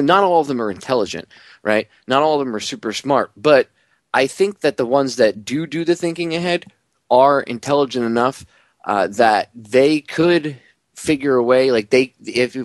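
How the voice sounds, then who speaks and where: A man's voice: medium pitch, moderate pace, no echo. Male talk radio host, casual and slangy, sarcastic, dry close sound. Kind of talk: radio talk show discussion.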